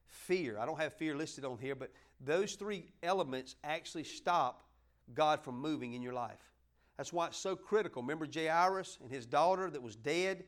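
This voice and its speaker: A man's voice: a little high, fairly bright tone. A man preaching a folksy sermon, joking with his congregation and asking them to help him along. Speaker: pastor.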